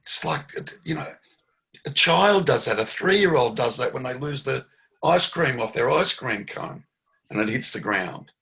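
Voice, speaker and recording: A man's voice: mid-range voice, expressive, measured pace, vocal fry, pushed and bright. A man leading a satsang dialogue as a spiritual teacher, reflective and emphatic, often laughing, on a video call.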